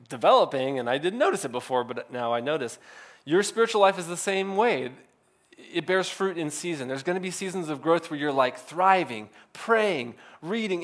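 Male pastor in his thirties, slightly raised pitch, preaching in a loose, chatty way. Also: fairly bright tone. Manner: casual, filler-heavy with frequent "like". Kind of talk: conversational sermon.

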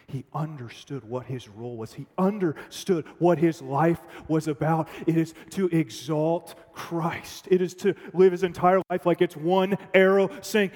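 High-voiced preacher in a reverberant hall. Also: male voice, fairly quick. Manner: dramatic, swings from loud to hushed. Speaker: pastor. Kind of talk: sermon.

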